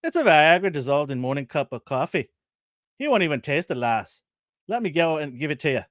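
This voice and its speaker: A man's voice: fairly high pitch, sing-song, fairly quick, fairly bright tone, no echo, clean studio sound. Guy playing a cheery irish doc, hammy brogue, bouncy voice. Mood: jaunty. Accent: put-on Irish. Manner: jaunty put-on brogue. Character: Irish male doctor, calm and helpful.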